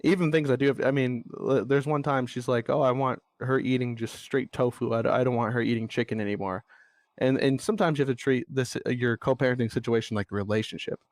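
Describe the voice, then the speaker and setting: A man's voice: medium pitch, steady tone, quick pace, a little mellow, no room sound, studio quality. A young man hosting a podcast, talking bluntly and venting about co-parenting, swearing freely and getting exasperated. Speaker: podcast host. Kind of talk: candid monologue.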